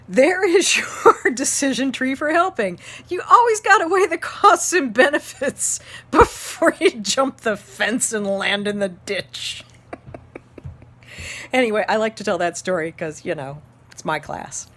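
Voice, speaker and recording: An instructor in her fifties, from Ohio, telling a class story with lots of laughter. Her voice is bright and clear, and her pitch swings widely. She tells the story with animated energy. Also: normal speed. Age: 50s. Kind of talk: storytelling lecture.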